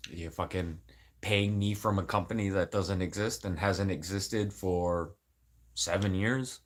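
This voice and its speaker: A man's voice: low-pitched, steady tone, a little slow. A man, crying and venting in an angry, profane, rambling livestream rant. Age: 40s.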